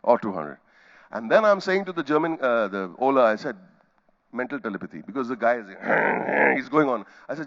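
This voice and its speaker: A man's voice: mid-range voice, animated, normal speed, creaky, a bit bright, lo-fi sound. A middle-aged man with an Indian accent giving a storytelling keynote, acting out scenes with sound effects and quoted voices. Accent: Indian English. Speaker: keynote speaker. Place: conference hall stage.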